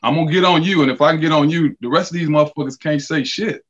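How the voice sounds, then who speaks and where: A man's voice: fairly high pitch, fast. Profane man telling stories, lo-fi sound. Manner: animated, profane, acts out quoted dialogue. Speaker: podcast guest, former college basketball player. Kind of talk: casual storytelling chat.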